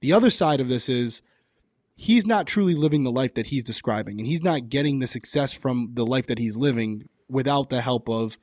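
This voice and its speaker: A man's voice: mid-range voice, moderate pace, a little mellow, no echo, clean studio sound. A man co-hosting a casual podcast, reading things aloud and commenting bluntly with plenty of swearing. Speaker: podcast co-host.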